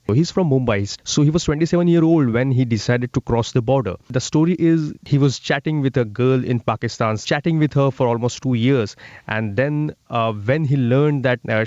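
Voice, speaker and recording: A man, a correspondent interviewed remotely, explaining events steadily with frequent pauses and fillers. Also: mid-range voice, darkish tone, dry recording, muffled recording. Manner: explanatory, fillers between phrases. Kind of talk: news interview.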